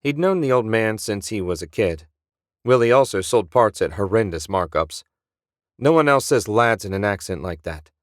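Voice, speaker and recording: Low-voiced male audiobook narrator. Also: animated, moderate pace, dry recording, studio quality. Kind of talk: scripted narration.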